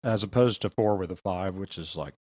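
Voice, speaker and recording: A man with a deep voice chimes in softly during a casual podcast discussion, letting his sentences trail off. The sound is dry and close. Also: a little fast, no room sound. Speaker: podcast co-host.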